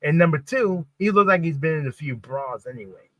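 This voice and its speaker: A man co-hosting a casual podcast, stammering and repeating his words as he gets excited. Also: a little high, fairly quick, dry recording, low-quality recording. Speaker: podcast co-host. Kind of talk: casual watch-party chat.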